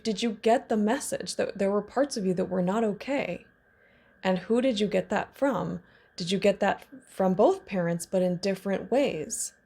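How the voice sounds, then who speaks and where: A woman in her thirties speaking as a trauma healing coach, in a candid, casual teaching monologue with laughs and personal asides. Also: mid-range voice. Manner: warm candid talk with laughs and self-disclosure.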